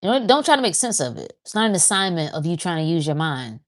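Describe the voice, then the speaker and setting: Woman host, deep voice, rambling self-talk spiritual chat. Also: sing-song, fast talker. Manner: conversational, repeats herself, talks to herself as she thinks aloud. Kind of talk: casual spiritual monologue.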